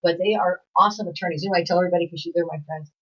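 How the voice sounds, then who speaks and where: A woman's voice: lowish voice, fairly even intonation, very fast, a bit bright, slightly rough. A middle-aged woman hosting a casual talk show, rambling through a joke story and laughing often. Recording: dull lo-fi public access TV audio.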